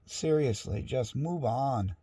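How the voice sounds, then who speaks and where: A man's voice: mid-range voice, animated, slow, warm tone, husky, no room sound. A middle-aged man in a casual, rambling monologue at home, frustrated and restarting often. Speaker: vlogger. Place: home with dogs nearby.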